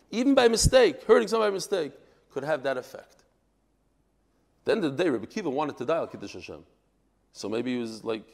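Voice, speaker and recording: A man teaching a Talmud class, explaining a passage with animated exclamations and quiet asides, mixing in Hebrew and Aramaic terms. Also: fairly high pitch.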